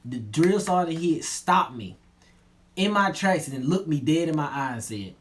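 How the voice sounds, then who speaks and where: A young man telling a personal story in a relaxed, slangy way, often trailing off low and quiet. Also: moderate pace. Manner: laid-back slangy retelling, drops low and quiet at line ends. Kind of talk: casual storytelling.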